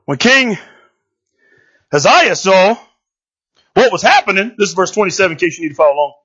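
A man's voice: high voice, animated, a little fast, long pauses, a bit bright, breathy edge. A man preaching through a Bible passage, retelling the story in slangy, joking asides. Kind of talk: casual sermon storytelling. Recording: dull lo-fi recording.

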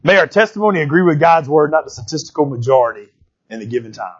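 Male preacher, chatty and animated, high husky voice, kinda lo-fi. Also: fast talker. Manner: animated and conversational, keeps asking "right?". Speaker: pastor. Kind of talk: sermon.

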